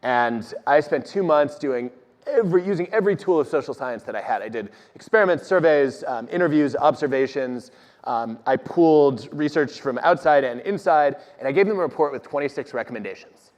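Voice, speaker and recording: A man, an organizational psychologist, telling stories on stage in an animated, self-deprecating way. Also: medium pitch, brisk. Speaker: organizational psychologist guest speaker. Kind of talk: conversational talk on stage. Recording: dull audio with long hall reverb.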